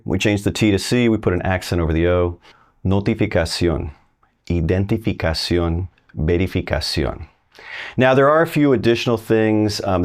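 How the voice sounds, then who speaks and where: Low-voiced man teaching a language lesson. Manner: folksy, encouraging, addresses viewers directly. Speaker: Spanish teacher.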